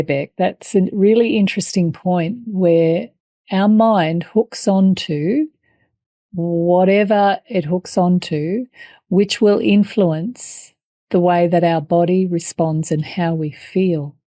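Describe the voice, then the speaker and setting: A woman hosting a podcast interview, explaining calmly and affirming her guest. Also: on the low side, slow pace, no room sound. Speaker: host and birth educator.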